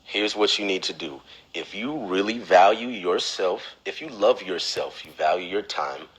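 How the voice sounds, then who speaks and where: A man on a livestream giving blunt, profane advice, lecturing the viewer and mocking others in a whiny high voice. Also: moderate pace, fairly bright tone, husky, low-quality recording. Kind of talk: instagram live rant. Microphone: phone.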